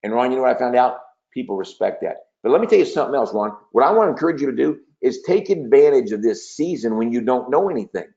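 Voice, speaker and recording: A man's voice: medium pitch, very animated, fast talker, vocal fry, hardly any pauses, mellow. Male sales trainer, persuasive coaching tone, muffled webinar sound. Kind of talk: webinar training talk with role-play. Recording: dull lo-fi webinar audio.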